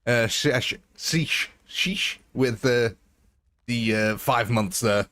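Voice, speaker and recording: A man's voice: mid-range voice, extremely slow, fairly bright tone. Chatty man hosting a game stream. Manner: chatty, jokey, laughs often. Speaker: live-stream host. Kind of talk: casual live-stream chat.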